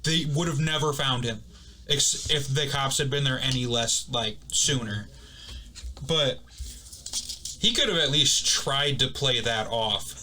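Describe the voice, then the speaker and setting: A young man co-hosting a casual podcast, rambling through stories with quick asides and acted-out quotes. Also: medium pitch, sharp tone, slight background noise. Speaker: podcast co-host. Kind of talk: casual chat.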